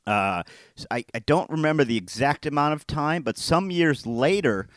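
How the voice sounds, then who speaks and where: A man co-hosting a podcast, chatting casually with dry, deadpan humor and telling a long story. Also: a little high, normal speed, no room sound. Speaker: podcast co-host. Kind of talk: casual chat.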